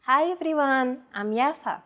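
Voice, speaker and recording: A woman co-hosting a language lesson, speaking slowly and carefully to model pronunciation. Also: high-pitched, expressive, fairly bright tone, a little hiss or hum. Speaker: native-speaker co-host.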